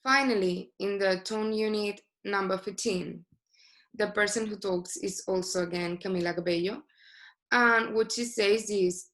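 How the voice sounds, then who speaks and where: A woman's voice: mid-range voice, steady tone, a little slow, fairly bright tone. A woman giving a class presentation as a student, speaking hesitantly with many filler sounds.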